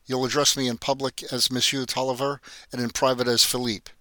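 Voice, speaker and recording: A man's voice: medium pitch, flat delivery, fairly quick, pushed and bright, no room sound, natural voice. A man doing a cold domineering boss. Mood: commanding. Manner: curt, commanding.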